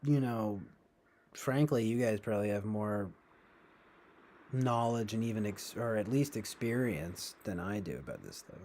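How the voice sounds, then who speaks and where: A man's voice: fairly low pitch, expressive, unhurried, a little mellow, a little hiss or hum. A man streaming live, rambling casually with sarcastic asides and frequent laughter. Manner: sarcastic, laughs often, trails off. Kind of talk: casual rambling livestream chat.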